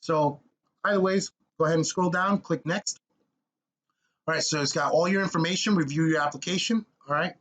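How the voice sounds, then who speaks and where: Blunt, energetic man coaching viewers. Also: fairly high pitch, fairly quick. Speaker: military contracting advice vlogger. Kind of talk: casual screen-walkthrough tutorial.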